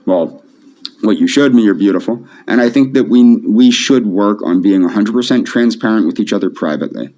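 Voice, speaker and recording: A man speaking softly to camera in a pleading, repetitive, emotionally flat way. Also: lowish voice, brisk. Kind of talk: pleading video monologue. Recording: dull lo-fi video audio.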